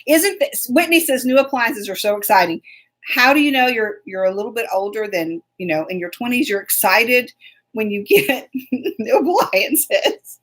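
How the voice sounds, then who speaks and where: A woman's voice: a little high, lively intonation, moderate pace, fairly bright tone. A woman hosting a casual live stream, chatty and laughing often as she greets viewers by name. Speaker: host.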